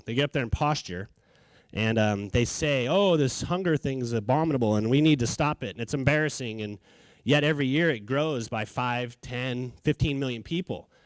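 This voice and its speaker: A middle-aged man from California telling his story in a casual, animated way, acting out what people said. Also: mid-range voice, no room sound. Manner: casual, animated, acts out quotes. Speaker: charity founder, speaker. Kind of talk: storytelling talk.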